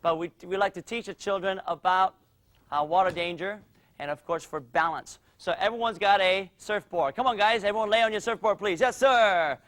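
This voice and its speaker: High-voiced energetic martial arts instructor man. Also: fairly quick. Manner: energetic coaching, calls out drills. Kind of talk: teaching a kids' class demonstration. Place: martial arts studio with students.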